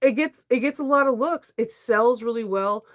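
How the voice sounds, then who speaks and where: A middle-aged woman sewing vlogger chatting casually on a livestream, talkative and quick to laugh. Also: fairly high pitch. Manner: chatty, laughs often, emotional.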